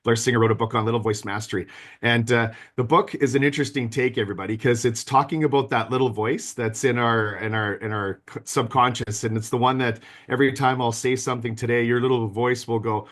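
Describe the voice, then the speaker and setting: A man's voice: medium pitch, steady tone, fairly quick, fairly bright tone. A man in his fifties giving a virtual business planning seminar, chatty and self-deprecating, talking straight to his audience over a video call mic. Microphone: video call microphone.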